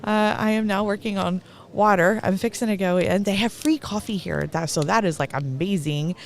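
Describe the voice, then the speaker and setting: A woman's voice: mid-range voice, moderate pace. A middle-aged woman with a Texan accent giving rambling, talkative live commentary at an event, laughing between thoughts.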